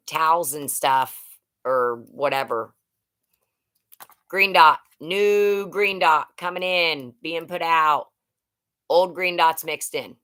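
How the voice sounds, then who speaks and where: A woman's voice: low-pitched, pushed and bright, clear, resonant tone. A middle-aged woman hosting a casual livestream, rambling and chatting as she reads out viewer comments. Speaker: livestream host. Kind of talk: casual live chat with viewers.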